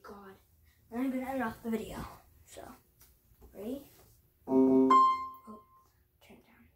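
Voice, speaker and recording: A woman's voice: on the high side, normal speed, loud music behind the voice. A woman vlogger chatting casually at home while showing off her collection, rambling and apologizing often, sometimes dropping to a whisper. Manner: rambling, apologetic, self-deprecating; drops into whispers at times. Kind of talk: casual show-and-tell vlog.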